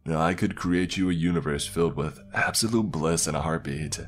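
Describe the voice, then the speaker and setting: A man voicing a genderless, all-knowing being at the edge of the internet, speaking slowly and plainly. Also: a bass voice, slight background noise. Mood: ominous. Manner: slow, plain, commanding.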